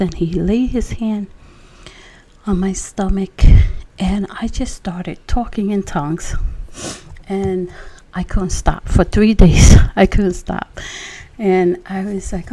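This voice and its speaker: Animated woman telling a faith testimony. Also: medium pitch, measured pace. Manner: animated, drops to hushed whispers, then emphatic. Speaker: person giving a testimony. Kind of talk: personal faith testimony storytelling.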